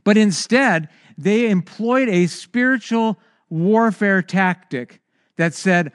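Male preacher, high voice, animated delivery with stammers and sudden cries, dry close sound. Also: takes it slowly, smooth, no echo. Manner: stammers and restarts when excited. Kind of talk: sermon.

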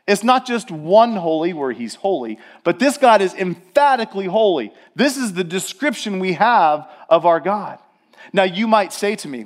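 A pastor preaching a sermon to his congregation, emphatic, slowing down to stress repeated words and speaking straight to his listeners. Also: high voice, animated. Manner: addresses the congregation directly.

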